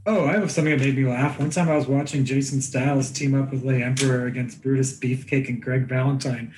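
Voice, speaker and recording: A man's voice: medium pitch, steady tone, fast, a little mellow, a little hiss or hum, poor audio. Blunt, profane man telling stories. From Iranian family. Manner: blunt, profane, jokey impressions in anecdotes. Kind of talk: casual storytelling chat.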